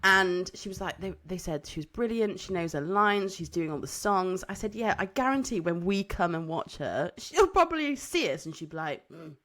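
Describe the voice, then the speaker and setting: A young woman co-hosting a casual podcast chat, telling lively stories and breaking into loud laughter. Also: fairly low pitch, moderate pace, few pauses. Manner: animated storytelling, bursts into loud laughter. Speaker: podcast co-host.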